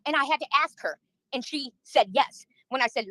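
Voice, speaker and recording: A woman's voice: high voice, moderate pace, pushed and bright, no echo, poor audio. A woman livestreaming, venting in a heated, profane rant while answering her chat.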